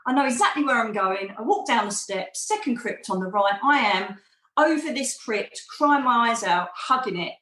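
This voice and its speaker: A woman's voice: a little high, expressive, normal speed, fairly bright tone, reverberant, low-quality recording. A middle-aged woman, a podcast guest, telling a personal story animatedly and acting out quoted voices. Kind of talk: storytelling in an interview.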